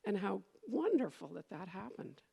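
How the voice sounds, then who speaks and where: Gravelly-voiced woman giving a casual sermon. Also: medium pitch, very animated, moderate pace, mellow. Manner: conversational and meandering, with fillers and restarts. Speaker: minister.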